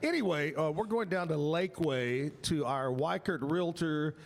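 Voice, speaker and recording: Upbeat joking host. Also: male voice, a little high, creaky. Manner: upbeat, joking, quick asides. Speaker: talk show host. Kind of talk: live morning talk show banter. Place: live venue, bar stage and grill.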